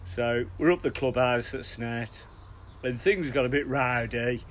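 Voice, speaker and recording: A middle-aged man spinning animated anecdotes on a casual podcast, chuckling and restarting as he goes. His pitch sits at an ordinary middle height for a man. A faint hiss runs underneath. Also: measured pace. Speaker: podcast co-host. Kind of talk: casual storytelling.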